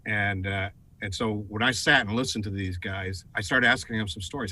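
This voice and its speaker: Middle-aged American man, bright and forceful voice, animated storyteller on a studio talk show. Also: fairly low pitch, normal speed, a little hiss or hum. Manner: animated, raises voice for quoted lines. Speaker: guest, advertising executive. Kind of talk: storytelling in a TV interview.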